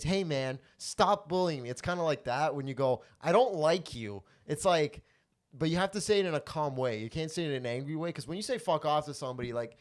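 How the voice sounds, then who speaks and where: A man hosting a comedy podcast in casual chat, acting out quoted lines with lively swings in loudness. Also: a little high. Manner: animated, acts out quotes in loud calm voices. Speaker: podcast host.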